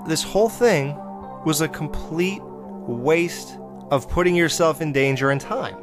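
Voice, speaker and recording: A man's voice: fairly high pitch, unhurried, music in the background. A man in a casual horror-film review monologue, blunt and profane, exclaiming and mocking the characters. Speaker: podcast host reviewing horror films.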